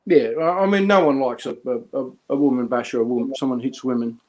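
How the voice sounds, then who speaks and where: A man's voice: mid-range voice, animated, fast talker, a little mellow, slight background noise. A man chatting casually on a live stream, rambling with lots of restarts and chuckles. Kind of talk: casual chat.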